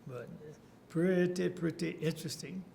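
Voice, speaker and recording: Older man, oral history storyteller, slightly high voice, light hum of background noise. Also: unhurried, creaky, mellow. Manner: storytelling, chuckling, many fillers and restarts. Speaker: interviewee.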